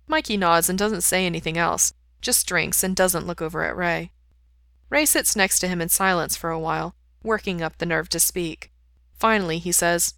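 A woman reading fan fiction aloud in steady, even narration. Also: lowish voice, moderate pace, vocal fry, dry recording. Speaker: reader.

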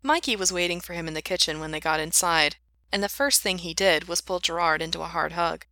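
A woman reading a fan fiction story aloud in an even, unhurried way. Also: lowish voice, no room sound.

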